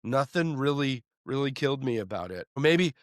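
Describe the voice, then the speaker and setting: A man's voice: medium pitch, expressive, normal speed, dry recording, clean studio sound. A man co-hosting a podcast, chatting playfully about a movie, quoting lines and trailing off into restarts. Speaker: podcast co-host. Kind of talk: casual movie-review chat.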